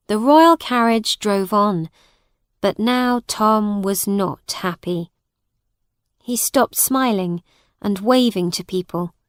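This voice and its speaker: A woman narrating an audiobook for English learners, reading slowly and clearly with deliberate, expressive delivery. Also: medium pitch, no room sound, studio quality.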